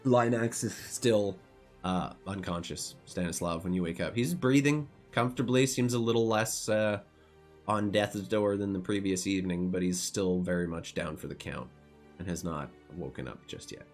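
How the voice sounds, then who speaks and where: A man's voice: low voice, normal speed, darkish tone, faint music behind. A man narrating as game master of a tabletop game, laid-back and rambling, swearing casually.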